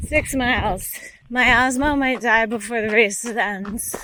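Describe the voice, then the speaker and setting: On a foggy mountain trail, this woman films herself with a handheld pocket camera during a long race she's hiking and running, narrating her ultramarathon breathlessly. Her voice is a little high, a little slow, bright, and forceful; she rambles, seems tired, and curses bluntly. Audio quality is poor, with slight background noise.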